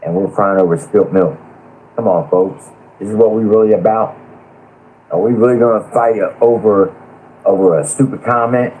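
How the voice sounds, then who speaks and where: A man's voice: lowish voice, steady tone, normal speed, a little mellow, slight background noise, rough recording. A man lecturing a live-stream panel in a blunt, profane rant about a community feud.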